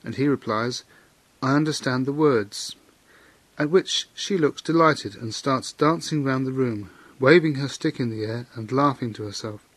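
A man's voice: mid-range voice, fairly bright tone, breathy edge, no room sound. Man telling a Buddhist legend. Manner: measured storytelling with moral comment. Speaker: Buddhist teacher. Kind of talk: Dharma talk retelling a legend.

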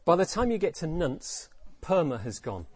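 A man's voice: on the high side, very animated, normal speed, darkish tone, husky. A man giving a reflective dharma talk as teacher, repeating phrases and asking rhetorical questions.

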